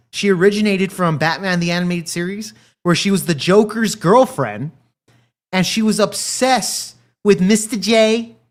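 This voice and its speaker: A man hosting a stream, reacting to clips in rambling, profane casual commentary. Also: on the high side. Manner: profane, rambling, laughs often. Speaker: stream host.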